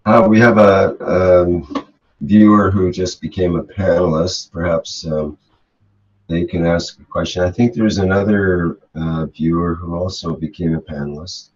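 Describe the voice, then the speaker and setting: A man with a very deep voice moderates an online meeting and brings in viewers. He talks hesitantly, with frequent pauses and ums. The call audio is dull and lo-fi. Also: fairly even intonation, breathy edge. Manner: hesitant, filler-heavy. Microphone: video call.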